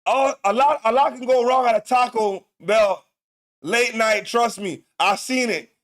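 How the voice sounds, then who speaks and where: A man hosting a casual news commentary show, loud and profane, laughing often and repeating himself. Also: very high-pitched, measured pace. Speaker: show host.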